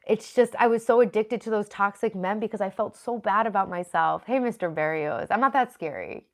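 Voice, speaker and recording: A woman's voice: mid-range voice, fairly quick. Woman in her 30s chatting on a live stream at home, earnest, thanks everyone by name. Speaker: live streamer reading chat. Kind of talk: casual live-stream chat. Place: home bedroom office. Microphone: computer at her desk.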